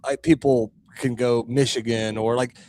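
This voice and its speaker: A man's voice: mid-range voice, fairly even intonation, moderate pace, a little mellow, slight background noise. Rambling Kansas man on a podcast. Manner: rambling, self-correcting. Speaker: podcast co-host. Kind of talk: casual chat.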